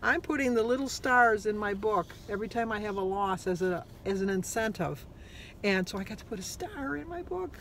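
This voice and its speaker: A woman's voice: medium pitch, a little fast, a little hiss or hum. Chatty woman telling stories in a vlog. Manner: animated storyteller who acts out both sides of conversations; upbeat and self-deprecating. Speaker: vlogger sharing weight-loss diary.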